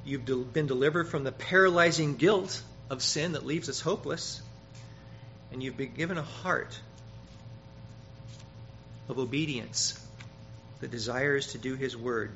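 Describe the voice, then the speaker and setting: A man preaching a sermon, emphatic, growing loud when he quotes scripture and often repeating words. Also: mid-range voice, unhurried, pauses often. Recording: dull, slightly noisy sermon recording.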